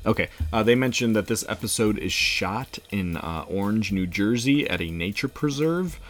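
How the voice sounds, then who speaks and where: A man co-hosting a podcast in casual chat, relaxed, with many fillers and frequent laughs. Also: fairly low pitch, moderate pace, faint music behind. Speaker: podcast co-host.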